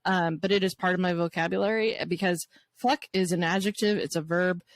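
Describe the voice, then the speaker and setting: A woman's voice: lowish voice, fairly even intonation, fairly quick, dry recording, studio quality. A woman co-hosting a casual podcast chat, talking frankly and swearing freely. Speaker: co-host.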